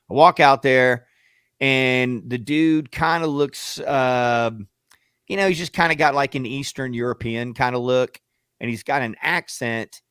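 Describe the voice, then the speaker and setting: Male radio co-host, mid pitch, dry close mic, animated profane storyteller. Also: clear, resonant tone, no room sound. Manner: profane, acts out shouting matches in quotes.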